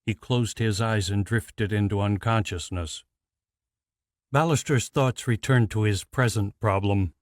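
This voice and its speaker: A man narrating a fantasy audiobook in a measured, deliberate scripted read. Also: lowish voice, no echo, clean studio sound.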